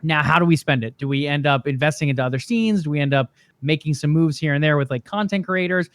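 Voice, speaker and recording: Talking fast in a slightly high voice, this gaming podcast co-host keeps things relaxed and chatty. He laughs at his own jokes, and the recording has no echo.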